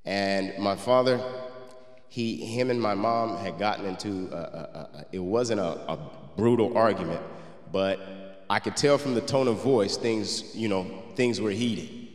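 A man's voice: fairly low pitch, measured pace. A man preaching a sermon. He reads old scripture, then tells a personal story that moves him. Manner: gets emotional and quiet while telling the story. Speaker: pastor. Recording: roomy hall with long reverb.

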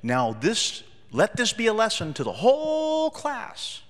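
Guy doing a strict lady principal, high scolding voice, echo hanging in a big hall. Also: wildly swooping pitch, a little slow. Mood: stern. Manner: raised scolding voice. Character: stern female school principal scolding boys.

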